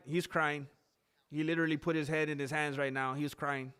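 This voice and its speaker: A man hosting a live stream, reacting to a fight broadcast in a chatty, excitable, joking way and talking straight to his viewers. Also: on the high side, fairly quick, clear, resonant tone. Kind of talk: casual live-stream commentary.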